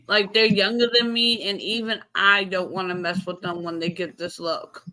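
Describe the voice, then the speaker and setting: Brief: woman on a live-stream chat, sharp bright voice, dry wry humor. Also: medium pitch, little pitch movement, moderate pace, poor audio. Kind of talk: casual chat. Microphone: live-stream call microphone.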